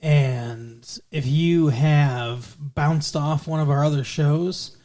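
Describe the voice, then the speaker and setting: A man's voice: fairly high pitch, slow pace, warm tone. Man, podcast co-host, casual chat, joking, rambling.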